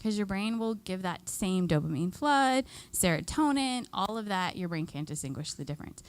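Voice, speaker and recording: A woman's voice: mid-range voice, expressive, normal speed, clear, resonant tone. A woman giving a live workshop to seniors, chatty and upbeat, leading the group through exercises and laughing often. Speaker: extension educator.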